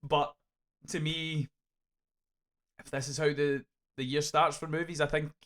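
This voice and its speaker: Animated Scottish man chatting films. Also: on the high side, measured pace. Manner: animated, frequent swearing, many restarts. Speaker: podcast co-host. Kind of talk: casual film review chat.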